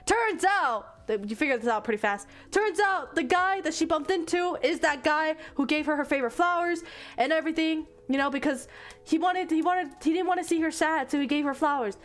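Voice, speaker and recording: A young adult woman streamer casually retelling a story in a rambling, animated way, full of fillers and restarts. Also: sits high, fairly quick, faint music behind. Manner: rambling and animated, acting out characters' lines. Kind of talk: casual stream chat, retelling a manga plot.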